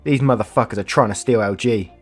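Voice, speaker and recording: A man voicing a protective young father who speaks firmly and forcefully, with faint music behind. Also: lowish voice, fast, close to an everyday voice.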